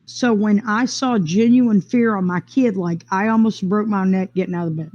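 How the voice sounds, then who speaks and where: A woman recounts her own experience in a loose, rambling way, full of fillers and restarts. Her voice is warm and mellow. The recording sounds dull and lo-fi. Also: medium pitch. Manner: rambling, quick bursts with frequent fillers and restarts. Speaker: interviewee sharing a personal experience. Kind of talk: casual first-person storytelling.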